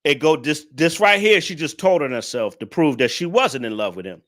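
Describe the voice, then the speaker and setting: Male commentary host, preachy lecturer, bright and somewhat high voice. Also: lively intonation, normal speed, few pauses. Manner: preachy, lecturing, repeats points; addresses the audience directly. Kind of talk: reaction commentary on a clip.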